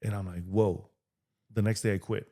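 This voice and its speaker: A man from Mexico, a real estate agent guesting on a podcast, telling his life story in a lively way and acting out the voices of people he quotes. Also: lowish voice, rapid-fire, husky. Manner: animated, acts out quoted dialogue. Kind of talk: storytelling interview talk.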